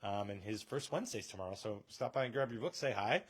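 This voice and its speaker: A man's voice: lowish voice, animated, fast talker, breathy edge. A man hosting a casual live stream from a comic shop, joking and laughing often.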